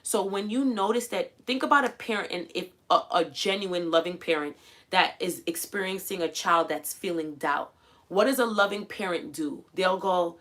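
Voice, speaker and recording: A woman hosting a livestream, coaching viewers in a casual, animated way and acting out quoted voices as she goes. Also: medium pitch, normal speed. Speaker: livestream host. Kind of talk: casual motivational livestream talk.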